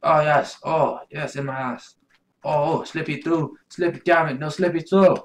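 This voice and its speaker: A man doing video game commentary, yelling and cursing at the game as he plays. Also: fairly high pitch, fairly even intonation, normal speed, slight background noise. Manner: yells and curses at the game. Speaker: gameplay commentator.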